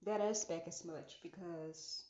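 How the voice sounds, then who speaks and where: A woman's voice: on the low side, fairly even intonation, a little slow, a little mellow. Woman, podcast host, casual monologue, musing, dull lo-fi sound, echoey room. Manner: musing, repeats phrases for emphasis.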